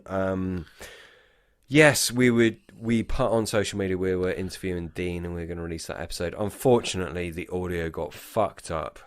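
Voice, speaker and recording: A drunk man with a low voice co-hosts a podcast, rambling and swearing his way through casual chat and off onto tangents. The recording has no echo.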